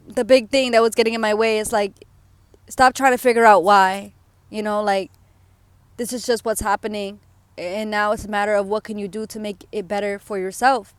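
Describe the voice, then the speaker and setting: A woman's voice: a little high, smooth, no echo. A young woman vlogger telling a personal story in a candid, emotional way, full of fillers like "like" and "you know", tearful at times.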